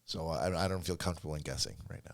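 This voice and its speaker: A man's voice: very deep voice, quick pace, no room sound. A man co-hosting a podcast, chatting casually and often amused. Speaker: podcast co-host. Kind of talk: casual chat.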